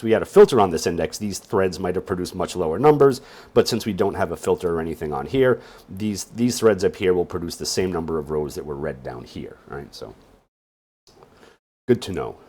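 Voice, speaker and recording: A deep, slightly husky man talks through a casual tutorial, sounding sleepy. His delivery wanders up and down a lot, with wry little jokes tossed in between explanations. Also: lively intonation, fairly quick, darkish tone. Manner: rambling, with wry joking asides. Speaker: database instructor. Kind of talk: casual screen-share tutorial.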